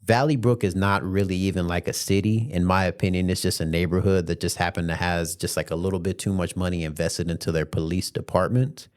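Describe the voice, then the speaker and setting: Slangy low-voiced man telling stories. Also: a little fast, hardly any pauses. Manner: animated, chatty, slangy, laughs while telling stories. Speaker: podcast host and rideshare driver. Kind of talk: casual storytelling monologue.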